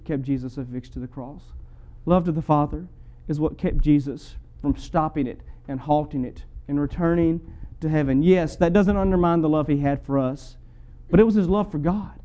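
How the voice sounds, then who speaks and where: A man's voice: sits high, dark tone. A man preaching a sermon to his congregation, building through repeated rhetorical questions. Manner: rhetorical, repeated questions with rising and falling intensity.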